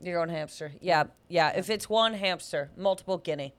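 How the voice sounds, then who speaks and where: A woman's voice: on the low side, moderate pace. Joking American woman podcast co-host. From United States. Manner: joking, playful banter. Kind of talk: casual chat.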